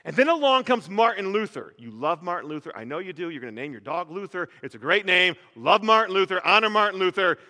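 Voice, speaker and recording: A male pastor preaching with a high, bright voice, animated and full of jokes and rhetorical questions. His voice rings out with the long reverb of a large church hall. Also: quick pace, hardly any pauses. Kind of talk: sermon.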